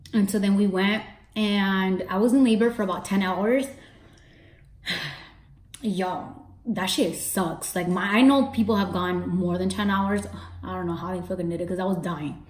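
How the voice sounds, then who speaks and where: A woman in her early twenties telling a story casually to camera, chatty, swearing freely and acting out her own lines. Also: medium pitch. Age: early 20s. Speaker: beauty vlogger. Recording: roomy echo.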